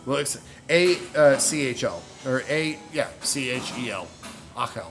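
A middle-aged man tells a story in loose podcast chat. He laughs easily and circles back to fix his details as he goes. His voice sits at an ordinary pitch, and faint music plays behind him. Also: unhurried. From United States. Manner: rambling and animated, self-correcting, laughs a lot.

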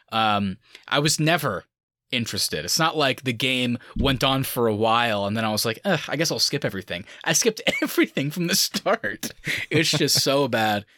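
A man co-hosting a podcast, chatting loosely with plenty of fillers and easy laughter. His voice is bright and forward, recorded close and dry with no room sound. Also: medium pitch, dry recording. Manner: laid-back, frequent fillers and laughter. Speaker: podcast co-host. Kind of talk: casual chat.

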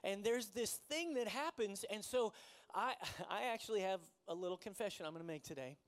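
A man with a notably high voice preaching a sermon. He tells a personal story in a relaxed, conversational way and often laughs at himself. He sounds like a pastor in his forties. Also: brisk.

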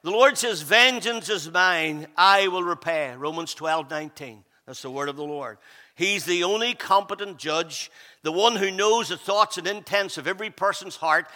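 A man's voice: high-pitched, normal speed, sharp tone. A man preaching a sermon in a conversational way, often checking in with the congregation. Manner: conversational, often asks 'all right?' to the congregation. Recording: long hall reverb.

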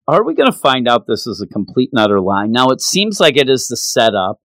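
A man co-hosting a casual chat, recapping a show and acting out characters' lines in quick voices. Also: mid-range voice, very animated, a bit bright, dry recording. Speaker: podcast co-host recapping an anime episode.

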